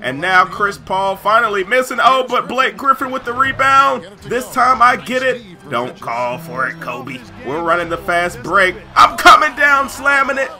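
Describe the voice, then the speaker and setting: A man giving excited gameplay commentary over a basketball video game and yelling on big plays. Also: sits high, measured pace, few pauses, faint music behind. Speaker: gaming YouTuber.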